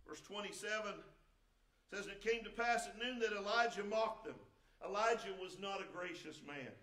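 Male pastor, very high pitch, preaching in a roomy sanctuary, rises to shouts. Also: normal speed. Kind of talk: sermon. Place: church sanctuary. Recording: echoey church sanctuary.

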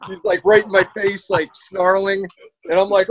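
A former basketball player telling an animated story and acting out what was said. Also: male voice, high voice, normal speed, poor audio. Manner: animated, acts out quotes. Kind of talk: casual storytelling.

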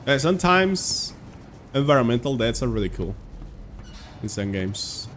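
A man's voice: medium pitch, very animated, unhurried, a bit bright, a little hiss or hum. A young man streaming a video game live, chatting casually with viewers and reacting aloud to the game. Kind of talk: casual live gameplay chat.

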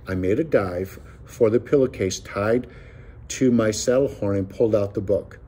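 A man reading a novel aloud with expressive storytelling. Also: fairly low pitch, moderate pace, husky. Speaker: audiobook reader.

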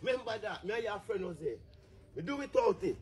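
A man's voice: high-pitched, animated, a little mellow, slight background noise. A man with a Jamaican accent talking heatedly in patois, pressing his points and demanding agreement. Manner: emphatic, rapid-fire, keeps demanding agreement. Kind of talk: heated street talk in patois.

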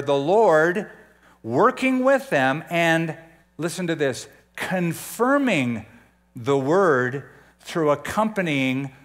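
A man's voice: on the high side, fairly bright tone. An older man preaching a conversational sermon as a pastor, often putting questions to his listeners.

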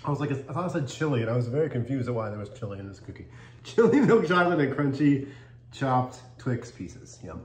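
A man with a medium-pitched, darkish voice talks fairly quickly with big swings in pitch while hosting his casual cookie-tasting vlog. Upbeat and chatty, the channel host reviews cookies as he chews, in an echoey room with faint background noise.

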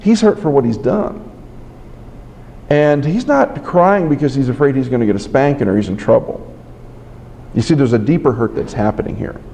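Earnest preacher in a reverberant hall. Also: male voice, medium pitch, expressive, normal speed, creaky, long pauses, mellow, slight background noise. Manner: earnest storytelling with repeated restarts. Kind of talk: sermon. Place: library conference room.

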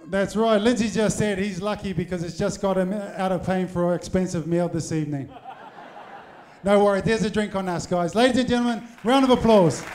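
A man hosts a live supporters' evening in a packed hotel function room, talking into a handheld microphone and tossing jokey, rousing, teasing asides to the crowd. His high-pitched, slightly mellow voice is fairly quick with fairly even intonation and hardly any pauses. Slight background noise and a faint crowd of supporters can be heard.

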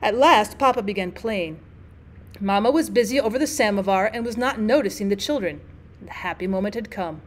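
A woman teacher reading a classic short story aloud, expressive, with an occasional stray filler word. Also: medium pitch, fairly quick. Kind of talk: audiobook narration of a classic story.

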